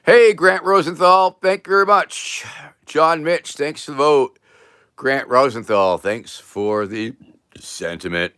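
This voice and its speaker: A man's voice: fairly high pitch, slow, pushed and bright, clean tone, no echo. A man hosting a casual livestream, reading viewer names aloud and answering them with dry jokes. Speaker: livestream host.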